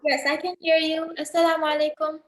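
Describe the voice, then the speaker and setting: A woman's voice: high voice, completely flat delivery, fast, echoey room. A woman teaching a Quran recitation class over a video call, chatty and full of filler words. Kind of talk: casual online class teaching.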